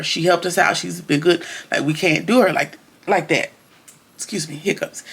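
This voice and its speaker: A man's voice: high-pitched, fairly quick, vocal fry, pushed and bright, slightly rough. A man giving a casual, rambling recap of a TV episode, chatty and slangy with frequent restarts. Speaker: TV episode reviewer.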